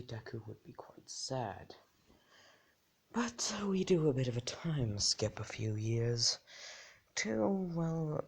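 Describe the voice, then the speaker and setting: A man's voice: mid-range voice, creaky, slightly rough. A man improvising a fan story, rambling and correcting himself, often dropping to a half-whisper.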